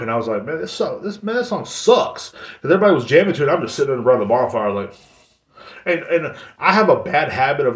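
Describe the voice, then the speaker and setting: A man in his thirties hosting a podcast, rambling in casual chat and swearing a lot. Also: medium pitch. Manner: rambling and heavily profane. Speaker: podcast host. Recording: roomy echo.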